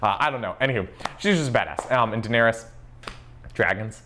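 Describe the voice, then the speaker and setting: A man giving a casual interview as a show fan, swearing freely, laughing often and filling pauses with ums. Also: medium pitch, expressive, pushed and bright. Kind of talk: casual chat.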